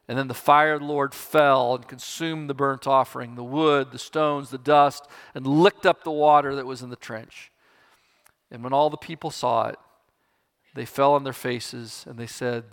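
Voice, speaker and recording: A man preaching a sermon and reading scripture in a church, earnest and halting with fillers between thoughts. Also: on the high side, fairly even intonation, a bit bright, clean tone. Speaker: pastor. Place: church sanctuary. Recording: long reverb of a church hall.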